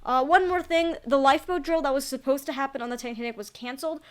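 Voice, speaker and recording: A woman's voice: high voice, quick pace. A young woman giving casual, rambling, self-deprecating commentary on a film, recorded on a laptop mic. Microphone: laptop built-in mic.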